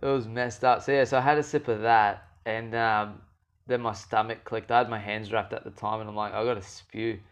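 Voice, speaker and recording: A young man relaxes into a long anecdote, talking casually and often laughing. He breaks into quick impressions of the people he is describing. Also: lowish voice, smooth. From Australia. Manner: animated, acts out quoted voices, laughs often. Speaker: guest fighter. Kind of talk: casual storytelling chat.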